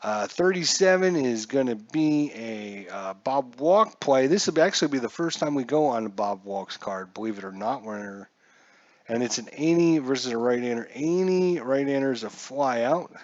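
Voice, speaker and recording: A man's voice: mid-range voice, animated, moderate pace, no room sound, dull audio. A man calling a solo tabletop dice baseball game in a casual play-by-play, chatty and jokey, talking to himself as he checks his charts.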